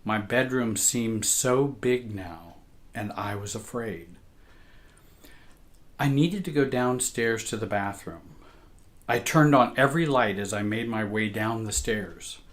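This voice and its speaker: A man reading a personal account aloud in a measured, emotional way. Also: fairly low pitch. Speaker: therapist and show host.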